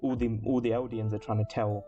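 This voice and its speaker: A man's voice: on the low side, little pitch movement, a little fast. A man co-hosting a casual chat breaking down an anime episode, rambling with fillers and swearing. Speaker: podcast co-host. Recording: lo-fi with music behind.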